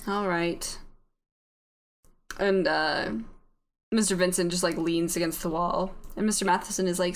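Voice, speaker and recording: A woman's voice: fairly low pitch, fairly even intonation, unhurried, long pauses. A woman narrating as game master, describing scenes with many fillers.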